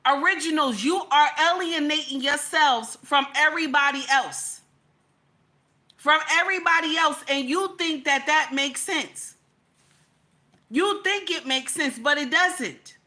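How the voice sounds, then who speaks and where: Her voice sits high and sounds bright and forceful as this livestream host, in no hurry, lectures her viewers. She repeats herself emphatically and preachily, tacking on "okay?" again and again.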